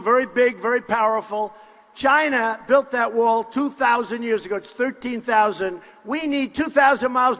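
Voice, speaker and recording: An older man giving a boastful, repetitive campaign rally speech in short punchy phrases, often shouting to the crowd. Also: extremely high pitch. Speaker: political candidate at a rally. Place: large university hall with crowd. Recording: long hall reverb from a live rally.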